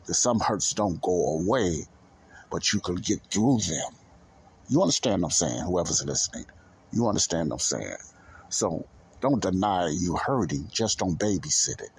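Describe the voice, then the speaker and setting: A man's voice: low-pitched, expressive, moderate pace, slightly rough. A man hosting a Christian podcast, preaching in a casual, rambling way and often repeating himself. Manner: rambling, repeats himself, loses his thread. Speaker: podcast host.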